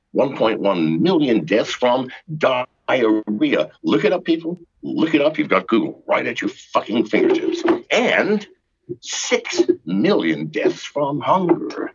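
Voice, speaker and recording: A man's voice: medium pitch, a little hiss or hum. An older man as a podcast guest, ranting in a profane, exasperated way with sarcastic jokes over a muffled remote line. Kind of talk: ranting call-in interview.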